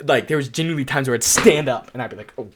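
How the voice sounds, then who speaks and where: A young adult man giving casual tier-list commentary, telling rambling, excitable stories padded with lots of "like". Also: mid-range voice, rapid-fire, noisy background. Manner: excitable, rambling storyteller full of "like". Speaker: anime YouTuber.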